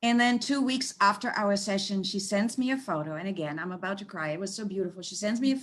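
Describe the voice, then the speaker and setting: Woman telling animated stories. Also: medium pitch, fast. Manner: animated, laughs often while telling stories. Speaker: animal communicator. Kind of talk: storytelling in a conversational interview. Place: United States.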